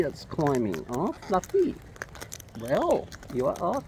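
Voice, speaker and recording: A woman's voice: fairly low pitch, huge pitch swings, slow pace. A woman chatting casually and cooing affectionately to wild birds outdoors, filming on a phone. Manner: cooing baby talk to birds. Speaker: bird feeder vlogger. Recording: noisy outdoor recording with birds.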